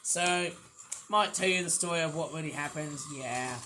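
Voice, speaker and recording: A man with a sore, hoarse throat, rambling through a casual toy review vlog from a quiet room at home. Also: fairly high pitch, normal speed, a little hiss or hum. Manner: rambling, repeats fillers and restarts.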